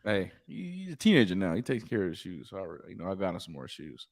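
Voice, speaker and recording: Laid-back Southern man, low voice. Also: wildly swooping pitch, fast talker, no echo, clean studio sound. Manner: laid-back, laughing storyteller. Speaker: podcast co-host. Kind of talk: casual chat.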